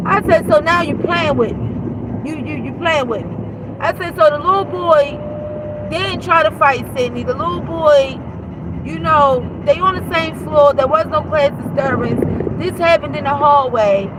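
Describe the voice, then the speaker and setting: High-pitched mom going off in a casual rant, real blunt, cussing a lot. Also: female voice, moderate pace, background noise. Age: adult. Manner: blunt and heated, swears freely, retells a conversation. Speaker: mother venting to viewers.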